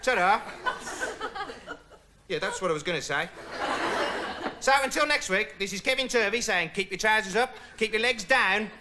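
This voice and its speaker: A man's voice: high-pitched, normal speed, long pauses, noisy background, close to an everyday voice. An actor playing a dim, rambling young male investigator, speaking earnestly through pointless asides in a studio comedy monologue. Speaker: comic character monologue.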